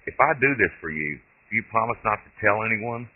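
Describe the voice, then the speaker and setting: A man's voice: on the low side, lively intonation, brisk, pitched above the performer's own voice. A man doing a nervous young great-grandson. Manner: anxious, pleading. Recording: tinny lo-fi phone-like audio.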